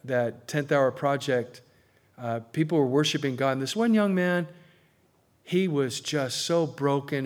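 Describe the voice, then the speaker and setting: A man preaching a sermon to a congregation, swinging between loud emphasis and quiet asides. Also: medium pitch. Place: church before a congregation.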